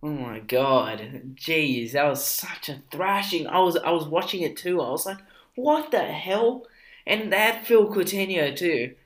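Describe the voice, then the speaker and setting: A young co-host in casual chat, chiming in with quick agreement and short anecdotes. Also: medium pitch, expressive.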